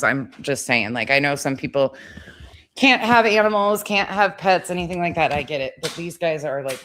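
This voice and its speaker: A woman's voice: rumbling low, fairly bright tone. A woman filming a casual home vlog, talking to her dogs in cooing baby talk and swearing offhandedly. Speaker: vlogger. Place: home living room with dogs.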